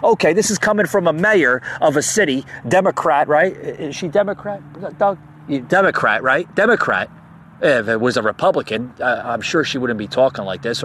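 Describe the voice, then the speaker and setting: A man's voice: medium pitch, lively intonation, a little fast, a bit bright. A man hosting a podcast, ranting in an agitated, sarcastic way and stammering over repeated words. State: heated up. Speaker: podcast host. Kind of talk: heated political rant.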